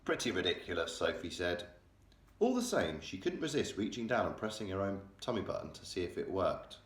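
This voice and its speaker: Animated man reading a children's story. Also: deep voice, a little fast. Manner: animated, changing voices for characters. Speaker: primary school teacher. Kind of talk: reading a children's novel aloud. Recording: echoey room.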